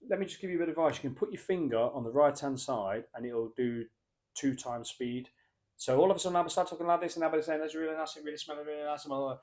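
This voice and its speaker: A man chats through a beer review at an easy, mid-range pitch. He rambles, circles back and corrects himself as he talks, in the loose manner of a casual vlog. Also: a little mellow. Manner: rambling, chatty, self-correcting. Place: pub.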